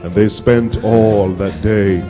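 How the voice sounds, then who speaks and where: A man narrating a play as a storyteller, steady with occasional fillers. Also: on the low side, slow pace, in a large hall, music in the background.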